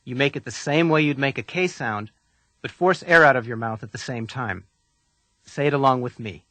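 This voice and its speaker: A man narrating a scripted pronunciation lesson, calm, deliberate and patient as he coaches the listener. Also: mid-range voice, dry recording. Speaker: language instructor.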